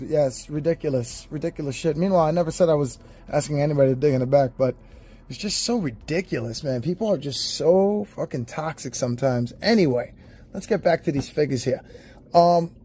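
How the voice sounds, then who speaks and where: A man with a slightly higher voice runs a casual toy unboxing review. He talks straight to his viewers, swearing freely and ranting in an animated, exasperated way. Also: moderate pace, slightly rough. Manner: animated, profane, exasperated rants.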